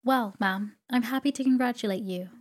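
A woman voicing a meek, mild-mannered male country doctor who speaks softly and deferentially. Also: medium pitch, moderate pace, lightly acted. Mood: meek, soothing. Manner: soft, gentle and deferential.

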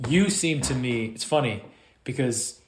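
A man who is a guest actor, talking casually and halting often as he searches for words. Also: medium pitch, expressive. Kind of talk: casual conversation. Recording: roomy echo.

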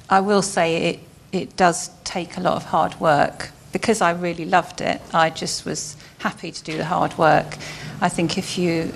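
Woman, panel guest, gravelly low voice, flat delivery, faint background noise. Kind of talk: panel discussion.

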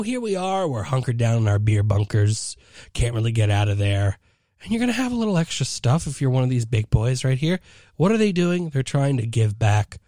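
A man's voice: fairly high pitch, a little mellow, no room sound, studio quality. A man hosting a show, reading news items aloud and riffing on them in a rambling, sarcastic way, with some swearing. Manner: rambling and sarcastic, swears, many fillers and restarts. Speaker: podcast host reading news. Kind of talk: casual comedic news commentary.

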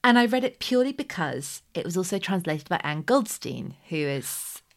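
A woman's voice: lowish voice, big pitch swings, moderate pace. A woman hosting a podcast, chatting casually and musing aloud, often trailing off mid-thought. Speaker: podcast host. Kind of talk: casual chat about books.

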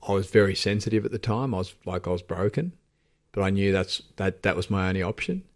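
An Australian man, a podcast guest, telling his own story candidly in a reflective, halting way, with frequent restarts. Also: low-pitched.

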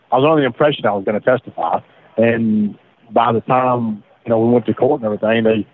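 A man, recounting his past in a halting way with repeated words, over the phone. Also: medium pitch. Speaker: interviewee, former defendant. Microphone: phone line. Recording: tinny phone line.

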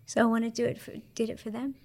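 A woman in her thirties with an Australian accent, chatting casually as an interview guest in a relaxed, slangy way with lots of fillers. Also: a little high, rapid-fire. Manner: laid-back, slangy, many fillers. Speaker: interview guest, para-surfer.

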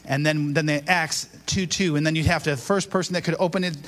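Male preacher, high-pitched, upbeat, chatty with the congregation, leading prayer. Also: fairly even intonation, quick pace, fairly bright tone. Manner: upbeat, talks with the congregation, quizzes them, then prays. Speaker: bishop preaching. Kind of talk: sermon. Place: church before a live congregation.

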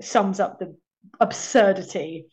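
A young actress on a podcast recounts stories in relaxed conversation, often laughing and acting out remarks she made before. Her medium-pitched voice is slow with a darkish tone, and the lo-fi recording sounds slightly muffled.

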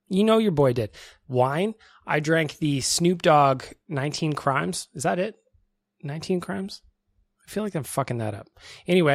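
Podcast host guy, kinda high voice, rants and jokes around, dry close mic. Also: dry recording. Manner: energetic, joking, self-mocking. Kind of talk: casual sports podcast rant and ad reads.

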